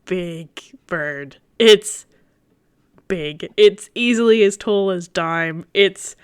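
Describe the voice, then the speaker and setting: A woman's voice: medium pitch, slow pace, clean tone. A woman running a tabletop game as game master, narrating in rambling, giggly descriptions with playful sound effects.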